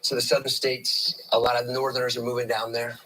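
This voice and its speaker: A man's voice: mid-range voice, little pitch movement, a little fast, sharp tone, a little hiss or hum, rough recording. A man in his fifties co-hosting a talk show, bantering and leading into topics with playful segues. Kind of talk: casual chat.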